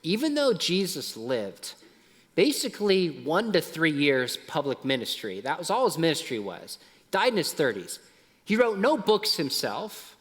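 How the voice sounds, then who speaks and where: A middle-aged man giving a lively talk at a youth conference, dropping soft and low at emotional points. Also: a little slow, long reverb tail. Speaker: conference speaker. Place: large conference hall.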